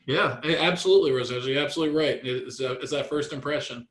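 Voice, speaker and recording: A man coaching real estate agents in a training session, energetic and repetitive. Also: on the high side, fast talker, echoey room, low-quality recording.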